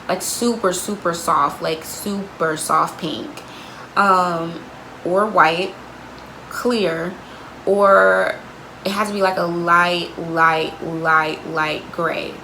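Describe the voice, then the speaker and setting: A woman's voice: lowish voice, steady tone, drawn-out words, bright, forceful tone, slight background noise, low-quality recording. A young woman vlogger telling a candid storytime about an old job, blunt and sweary, with lots of "like.". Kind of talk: storytime vlog.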